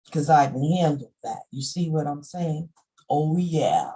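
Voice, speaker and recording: A middle-aged woman shares spiritual lore about essential oils in a casual monologue. Her voice is warm and mellow, and she takes her time. Her folksy chat breaks now and then into emphatic bursts. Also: sits low, lively intonation, measured pace, poor audio. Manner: folksy and conversational, with sudden emphatic outbursts.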